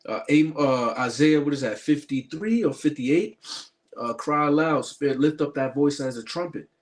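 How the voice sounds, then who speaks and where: A man's voice: on the high side, normal speed. Emphatic preaching man, full of fillers. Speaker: online preacher and commentator. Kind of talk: spiritual commentary sermon.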